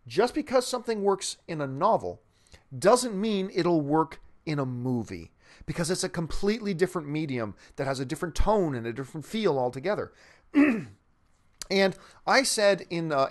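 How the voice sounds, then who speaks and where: An enthusiastic man hosts a casual movie show, answering a viewer's question in long, rambling stretches. His voice sits a little high and swings widely in pitch, and he often stops short and restarts his sentences. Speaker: host of a movie news show.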